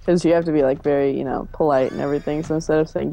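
A woman chats casually during a game stream, telling little stories from her day. Her voice is low-pitched and mellow. She talks in a chatty, giggly way. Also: fairly even intonation, racing, gravelly.

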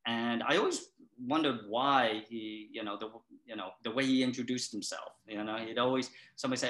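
A middle-aged man telling comic stories to a therapist in a rambling, halting way, full of restarts and deadpan asides. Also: mid-range voice, echoey room. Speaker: patient in a comedy sketch.

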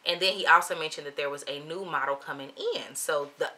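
A woman vlogger telling a shopping story in a lively, slangy, animated way. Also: deep voice, quick pace. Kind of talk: storytime vlog.

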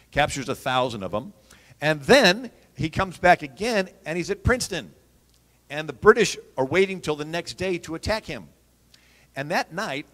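A man telling history stories as an animated storyteller, swinging from loud to hushed and laughing at his own jokes. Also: on the high side. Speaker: historian and radio host. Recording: long hall reverb.

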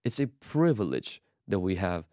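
A male pastor delivering a sermon with an earnest, emphatic cadence. His voice sits a little low, and it is recorded dry and close with almost no room sound. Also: very animated, moderate pace, a little mellow, dry recording. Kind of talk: sermon-style teaching.

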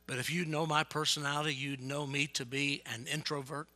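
A man evangelist preaching a sermon, telling stories with energy and yelling to get his point across. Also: a little high, a little fast. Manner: yells and gets fired up; animated storytelling.

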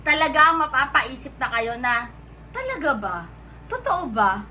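Woman vlog commentator, high and very bright, chatty and teasing, faint ambience behind. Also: normal speed, a little hiss or hum. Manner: animated, teasing, addresses viewers.

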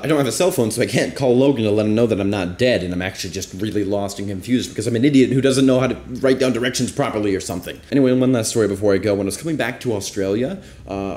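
A man's voice: fairly low pitch, darkish tone. A young man casually telling a rambling, self-deprecating travel story as a vlogger. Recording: roomy echo.

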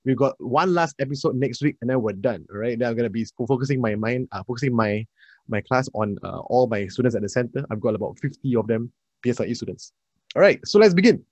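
A man, an energetic, chatty math tutor leading a live online class and addressing his students directly. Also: mid-range voice, quick pace, no echo.

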